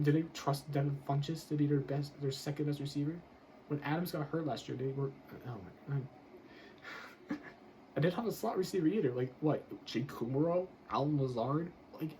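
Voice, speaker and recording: A man's voice: on the low side, a little mellow, a little hiss or hum, poor audio. A man grading football draft picks in a casual commentary, blunt and exasperated, swearing and laughing as he rants.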